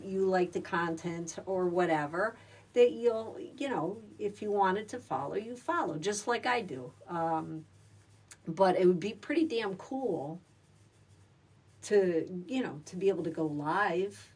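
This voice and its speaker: A woman's voice: mid-range voice, a little mellow, distant mic. A middle-aged woman who does stand-up comedy, chatting loosely on a livestream with plenty of fillers and the odd swear word. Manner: chatty, salty, rambling with many fillers. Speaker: livestream host and stand-up comic. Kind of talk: casual livestream chat.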